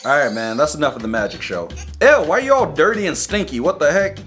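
A young man giving casual, joking commentary while playing a mobile game, reacting loudly and making sound effects. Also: fairly high pitch, very animated, fairly quick, faint music behind.

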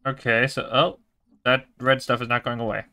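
A man's voice: medium pitch, flat delivery, moderate pace, bright, forceful tone, no echo. A young man giving casual, swearing let's-play commentary while he plays a game. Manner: chatty, swears casually, talks to himself. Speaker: gaming video creator.

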